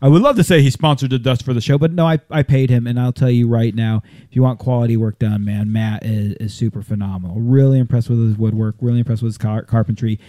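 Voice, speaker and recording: A man's voice: mid-range voice, fairly even intonation, fast talker, few pauses, mellow, dry recording, clean studio sound. A man hosting a casual chat show, jokey and enthusiastic as he plugs an event. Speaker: podcast host.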